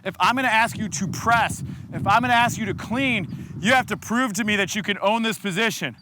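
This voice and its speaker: A man coaching a group through a follow-along kettlebell workout, giving energetic cues and counting down the seconds. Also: high voice, fairly quick, noisy background. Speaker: fitness coach.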